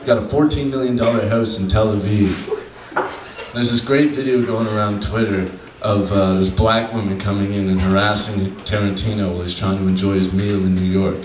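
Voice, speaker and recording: A man doing a stand-up comedy set on a club stage, deadpan, slowing down for his punchlines. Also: on the low side, background noise. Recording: echoey room from a distant mic, faint ambience.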